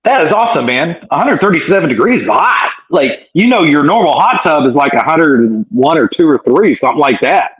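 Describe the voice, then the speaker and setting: A man's voice: a little high, very animated, fairly quick, hardly any pauses, crowd noise. A man co-hosting a live stream from a remote connection, joking and rambling in a casual way. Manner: joking, rambling, laughs easily. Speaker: co-host joining remotely. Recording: dull lo-fi remote call audio.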